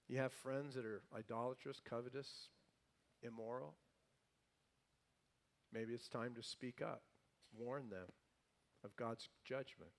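A male pastor preaching a sermon, lively and playful, with comic asides. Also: medium pitch.

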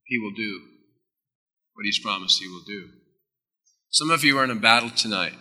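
A male pastor delivers a sermon in a sharp, very bright voice. He swings between loud, emphatic declarations and quiet, intimate asides, and his words trail off into the long reverb of a big hall. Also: on the low side, normal speed. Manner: emphatic, with sudden drops into soft, intimate asides.

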